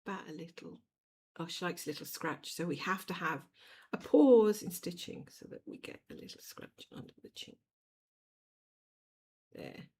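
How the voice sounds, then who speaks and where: On a home cross-stitch stream, a middle-aged woman talks casually and bluntly as she stitches and dotes on her cat. She speaks lowish and expressively at a normal pace, pausing often, her tone darkish and a bit rough.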